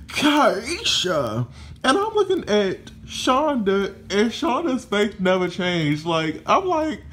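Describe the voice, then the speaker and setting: A man casually recapping a reality TV episode, gossipy and animated, swearing freely and filling his pauses with "um" and "you know". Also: sits high, slight background noise. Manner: animated, profane, gossipy, many fillers.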